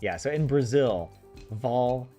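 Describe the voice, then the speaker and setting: A man's voice: medium pitch, animated, takes it slowly, dark tone, soft background music. A man streaming a farming game, chatting casually with viewers in a rambling way and laughing often. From United States. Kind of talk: casual chat with live viewers.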